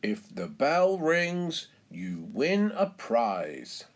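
A man voicing a hearty male bull who runs a fairground game, with a loud, hearty laugh. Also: mid-range voice, wildly swooping pitch, very slow, pitched above the performer's own voice, full character voice. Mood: instructing.

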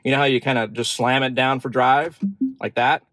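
A man's voice: mid-range voice, level tone, normal speed, a bit bright, no room sound. A man hosting a car channel, chatting casually and thinking aloud with fillers as he shows features from inside his parked car. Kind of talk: casual demo walkthrough.

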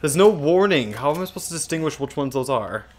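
A man's voice: fairly high pitch, lively intonation, fast talker, slight background noise. Swearing young man playing a game. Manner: swears freely, thinks out loud while playing. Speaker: gaming channel co-host. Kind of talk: casual gameplay commentary.

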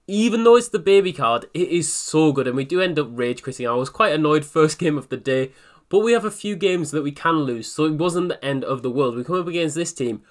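A young man giving a voice-over commentary on his own football video game matches, excitable and quick to criticize himself, with disbelieving outbursts. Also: a little high. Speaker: gaming YouTuber.

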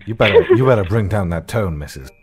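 Claude, a man voicing a deep, sarcastic demon butler. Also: fast talker, faint music behind. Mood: threatening. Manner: deadpan, disdainful, dryly sarcastic. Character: cold sarcastic demon butler, adult male. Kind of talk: comedic fan voice-acting call.

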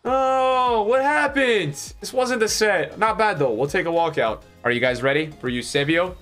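Excitable male streamer, higher voice. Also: moderate pace, hardly any pauses, over music. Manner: excitable, swings between hype and letdown, many fillers. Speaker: streamer opening game packs. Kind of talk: live-stream commentary to chat.

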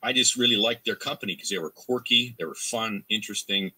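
Low, bright-toned Canadian man. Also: a little fast, a little hiss or hum. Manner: rambling, with many restarts and fillers; acts out quoted fans in a higher voice. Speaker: voice actor guest. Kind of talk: casual interview conversation.

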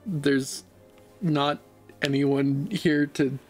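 A man's voice: a little high, fairly even intonation, very slow, faint music behind. A man streaming a game and chatting casually, laid-back and joking at his own expense. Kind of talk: casual gaming livestream chat.

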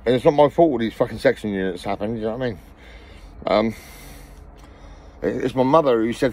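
Breathless rambling man, fast talk. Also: mid-range voice, a little mellow. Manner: rambling, swears constantly, repeats himself. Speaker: vlogger. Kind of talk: rambling personal vlog.

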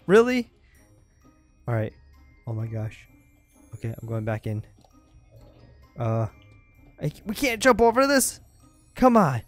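Excitable young man yelling through a game. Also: mid-range voice, a little slow, long pauses, no room sound, soft background music. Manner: excitable, panicky shouts and yelps. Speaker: gaming YouTuber. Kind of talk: let's-play commentary.

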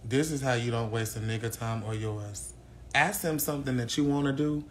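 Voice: mid-range voice, normal speed, a little hiss or hum. A livestream host in their twenties from St. Louis, chatting in a brash, crude, teasing way. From St. Louis, USA. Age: 20s. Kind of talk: casual live-stream chat.

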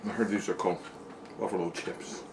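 Here the hot-wing reviewer talks fairly quickly in a low, steady voice, chatting easily between bites at home. He's plain-spoken, with a Pennsylvania accent, and this casual vlog is captured on a distant mic with noticeable noise.

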